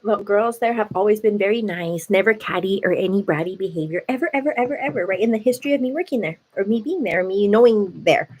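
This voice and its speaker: A woman's voice: medium pitch, quick pace, few pauses, slightly rough. A woman hosting a live stream, telling a story in a casual, chatty way full of "like" and "you know". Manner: chatty, animated, heavy use of "like". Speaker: livestream host. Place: at home, seated.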